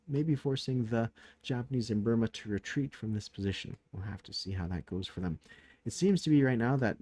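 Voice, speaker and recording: A man's voice: lowish voice, darkish tone, no echo. A man casually recapping a turn of a strategy board game, thinking aloud with many fillers, tired late at night.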